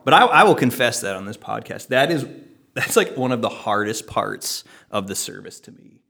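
A man's voice: fairly low pitch, animated, normal speed, vocal fry, pushed and bright. A man co-hosting a church podcast, telling a self-deprecating story in casual chat and laughing often.

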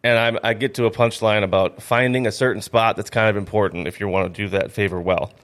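A man's voice: lowish voice, fairly even intonation, fast talker, fairly bright tone. A young man from North Dakota, a stand-up comedian, telling rambling stories full of "like" in a casual radio studio interview. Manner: rambling storyteller, heavy on "like".

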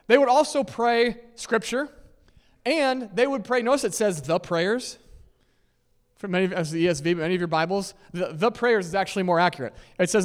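A man's voice: high-pitched, big-room sound. A man preaching a sermon in a conversational way, checking in with listeners often and laughing lightly between points. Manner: conversational, many "okay?" and "right?" checks. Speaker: pastor. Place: church sanctuary with long reverb.

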